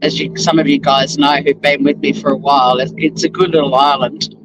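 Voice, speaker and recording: A rambling, chatty Australian woman talks to her viewers from behind the wheel, laughing as she goes. Clear road and engine noise from the moving car sits under her voice. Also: a bass voice, level tone, a little fast. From Tasmania, Australia. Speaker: vlogger. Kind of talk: casual chat while driving.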